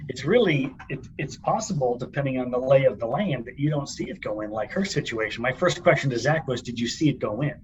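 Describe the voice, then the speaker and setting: A middle-aged man jokes and chats as a podcast co-host, talking from an office conference room. His voice sits at an ordinary pitch for a man. The laptop recording sounds a little dull, with faint background noise. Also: expressive, a little fast, few pauses, darkish tone. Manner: chatty, joking. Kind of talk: casual chat. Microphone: laptop mic.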